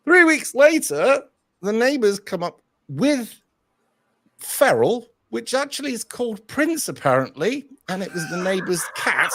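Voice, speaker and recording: A man, telling a crude anecdote in casual chat on a stream, sweary and animated, often adding "right?". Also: sits high, a little slow, no echo. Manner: profane, animated, frequent "right?" asides. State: tired from lack of sleep. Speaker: stream co-host.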